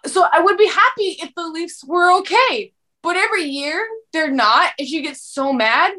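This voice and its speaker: A woman guest with a high-pitched voice chats casually on a podcast. She riffs in an animated, profane comic way. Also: moderate pace. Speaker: comedian guest.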